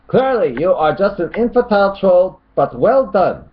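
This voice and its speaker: A man puts on a condescending online commenter who sneers and lectures. The voice sits noticeably higher than his own. The sound is slightly muffled and lo-fi. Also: very animated, normal speed, noisy background. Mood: scornful.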